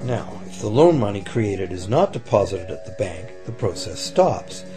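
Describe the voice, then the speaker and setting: A man giving a calm, explanatory scripted narration for a documentary. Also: on the low side, moderate pace. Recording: voice-over with faint music behind.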